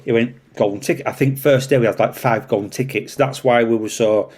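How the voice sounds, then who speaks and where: A man with a Yorkshire accent, a traffic police officer telling a story in casual chat, animated and swearing freely. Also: mid-range voice, a little fast, breathy edge. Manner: animated, swears freely, acts out voices in anecdotes.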